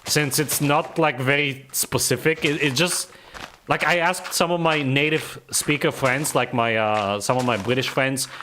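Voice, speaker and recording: A man's voice: mid-range voice, unhurried, pushed and bright, slight background noise. A young man with a vaguely Eastern European accent, chatting and joking while streaming a game, rambling and laughing often. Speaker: gaming streamer. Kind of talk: casual live gameplay commentary.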